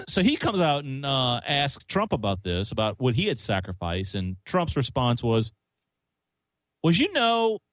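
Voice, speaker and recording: A man co-hosting a radio show, chatting about politics in an excitable, stumbling way with many restarts. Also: medium pitch, moderate pace, no room sound. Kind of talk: casual political chat.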